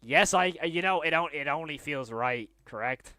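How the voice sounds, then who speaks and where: A young adult man hosting a casual livestream, excitable and openly emotional as he talks to viewers. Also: a little high, normal speed, clear, resonant tone, no echo, clean studio sound. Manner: excitable, then hushed and emotional. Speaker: livestream host.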